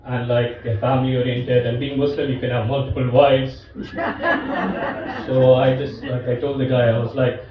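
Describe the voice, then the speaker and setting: A man's voice: mid-range voice, level tone, a little fast, few pauses, background noise. Guy doing stand-up, chill rambling stories, lots of ums, far away mic in a super echoey club. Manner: laid-back, self-deprecating with frequent fillers. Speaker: stand-up comedian. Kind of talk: stand-up storytelling. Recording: echoey distant live room, slightly dull. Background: audience laughter.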